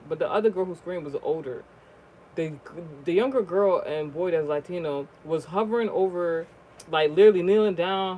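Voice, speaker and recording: A vlogger telling a personal story in a casual, rambling way, swearing often and restarting sentences, with the voice jumping high and loud at the shocking moments. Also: low-quality recording. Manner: rambling, profane, many fillers and restarts.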